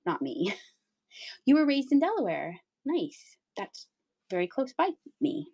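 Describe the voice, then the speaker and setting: A woman's voice: sits high, sing-song, measured pace, warm tone, slightly rough. A middle-aged woman from Pennsylvania hosting a live-stream sale, chatty and playful, with giggles and sing-song asides. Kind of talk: casual live-sale chat.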